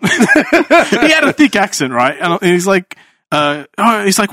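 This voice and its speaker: A man's voice: high voice, wildly swooping pitch, normal speed, bright, forceful tone, no room sound, studio quality. A man, telling a rambling story in casual chat. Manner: rambling, laughing, restarts.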